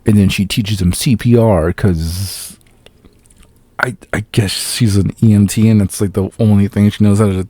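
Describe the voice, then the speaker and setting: A man hosting a casual, profane solo film review, sarcastically acting out scenes in quick asides. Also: fairly low pitch, mellow, husky, no room sound. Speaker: podcast host reviewing a film.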